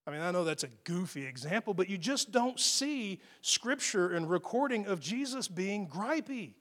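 A man's voice: sits high, animated, brisk, few pauses, a bit bright. A man preaching a conversational, self-deprecating sermon that builds to emphatic peaks. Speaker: pastor.

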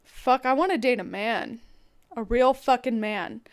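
A woman with a high-pitched voice delivers a blunt, profanity-heavy rant straight to her listeners. Her tone is smooth and clear, and she speaks in a raw, confessional way. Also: a little slow. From Irish heritage. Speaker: podcast host.

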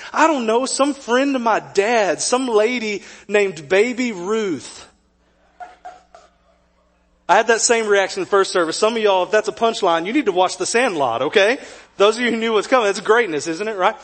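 A man preaching a sermon as pastor, joking and conversational, then dropping to a quiet, earnest tone. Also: high-pitched.

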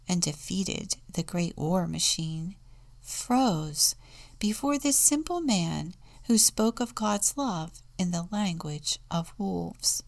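A woman deacon reading a children's storybook aloud in a slow, soft, often hushed manner. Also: on the low side, vocal fry.

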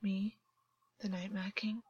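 A woman voicing a troubled fey man who speaks quietly and measuredly, sometimes near a whisper, in a dull dry recording. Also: medium pitch, flat delivery, takes it slowly, slightly rough, no room sound. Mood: probing, hushed. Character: troubled fey man, commanding yet tender.

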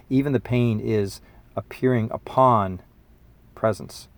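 A man in his fifties talking in a casual monologue, earnest and reflective, sometimes excited, with fillers and restarts. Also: on the low side, a little slow, vocal fry, no room sound. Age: 50s. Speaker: musician and spiritual teacher.

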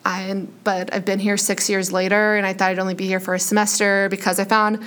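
A woman in her late twenties, a high school teacher, chatting casually on a podcast in a classroom, peppering her talk with "like.". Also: little pitch movement, fairly quick, fairly bright tone. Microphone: headphone microphone.

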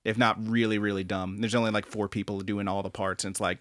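A young man co-hosting a casual podcast, animated and profane, who acts out quoted lines in high, mocking voices. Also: quick pace. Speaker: podcast co-host.

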